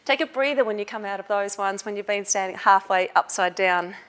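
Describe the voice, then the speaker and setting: A woman's voice: mid-range voice, brisk, fairly bright tone, clear, resonant tone. A woman fitness instructor talking viewers through handstand drills, cueing and counting reps while she strains to hold the poses.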